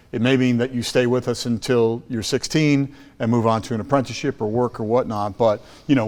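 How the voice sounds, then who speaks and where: Heard with a big-room sound, a podcast guest who leads a school trust tells emphatic stories in a mid-range, slightly mellow voice. The American-accented Chicagoan keeps restarting sentences and repeating words.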